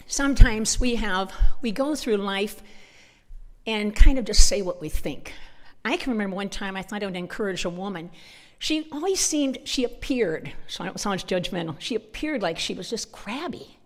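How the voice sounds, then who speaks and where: A middle-aged woman speaking at a church conference, telling humorous stories and acting out the voices in her dialogue. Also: mid-range voice. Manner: animated storyteller acting out dialogue. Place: church hall. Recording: long hall reverb.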